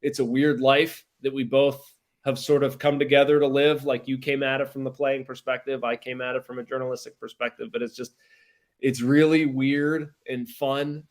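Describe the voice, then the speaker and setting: A man from Pittsburgh chats casually as a podcast co-host. He talks in an animated, rambling way, often restarting his sentences. His voice sits at an ordinary middle pitch. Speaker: podcast co-host, baseball journalist.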